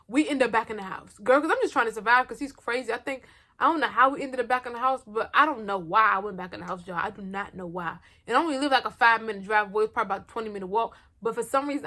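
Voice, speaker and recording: Fast-talking animated young woman. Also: a little high. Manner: animated, talks fast, heavy slang, addresses viewers directly. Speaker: vlogger. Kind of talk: casual storytime.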